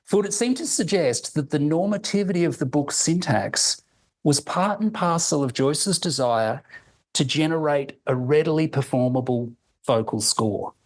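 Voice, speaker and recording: A man reading a prepared academic lecture in a measured, deliberate way, slowing to sound out example phrases. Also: fairly high pitch, lively intonation, rough recording.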